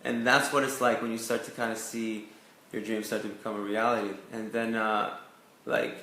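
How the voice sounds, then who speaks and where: Young canadian guy chatting about acting, says like a lot, kinda flat voice, roomy echo. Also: lowish voice, normal speed. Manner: chatty, lots of "like" and "you know" fillers. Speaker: actor being interviewed. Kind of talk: casual interview storytelling. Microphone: video call.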